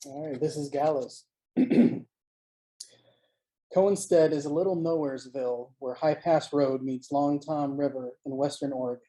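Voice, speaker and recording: An author giving a live online reading of a first-person short story, in a steady, measured storytelling manner. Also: mid-range voice, rough recording. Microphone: home mic on a live online stream.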